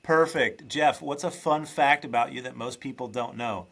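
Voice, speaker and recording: A man's voice: medium pitch, normal speed, creaky, a bit bright. A man hosting a podcast, chatting loosely and teasing his guest. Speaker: podcast host. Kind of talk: casual interview chat.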